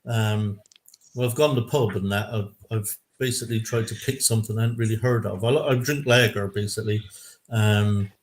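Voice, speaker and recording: A man's voice: fairly low pitch, steady tone, fairly quick. An Irish man hosting a casual live fan show over a video call, joking easily with his guests. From Ireland. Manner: easygoing, joking banter with guests. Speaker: host of a fan livestream show. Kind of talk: casual chat.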